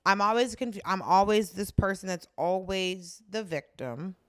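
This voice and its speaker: A woman's voice: medium pitch, normal speed. A woman co-hosting a podcast, chatting casually and reflectively about a drama. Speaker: podcast co-host. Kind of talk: casual chat recapping a drama.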